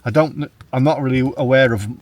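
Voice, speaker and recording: A man's voice: medium pitch, fairly quick, darkish tone, no room sound, far from the mic. A man chatting casually with a friend outdoors at a camp, joking and laughing often. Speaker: wild camper chatting with a friend. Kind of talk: casual chat. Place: outdoors at a wild camp on moorland. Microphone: small handheld camera.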